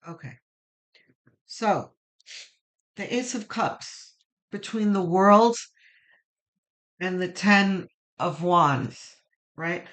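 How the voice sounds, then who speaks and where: Tarot reader, weekly reading, slow, rambling, emotional, bright voice. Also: medium pitch. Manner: reflective and rambling, with many fillers and restarts; emotional, moved near tears.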